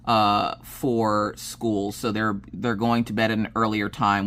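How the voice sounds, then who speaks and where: A woman chatting casually on her craft channel, telling animated stories and laughing as she goes. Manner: animated, acts out quoted dialogue with big pitch jumps. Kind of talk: casual chat storytelling.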